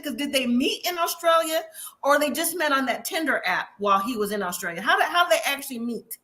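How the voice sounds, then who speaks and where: A woman co-hosting a live review show, chatting casually, animated and laughing often with rhetorical questions. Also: sits high, brisk. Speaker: podcast co-host.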